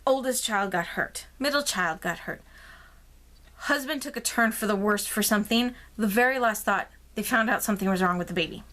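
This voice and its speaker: A woman talking straight to her viewers in a relaxed, rambling vlog. Her voice sits at a middle pitch, and she fills the gaps with plenty of ums as she tells her story. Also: brisk. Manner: chatty storytelling with many fillers; rambling and expressive. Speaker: craft vlogger. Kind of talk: casual chat.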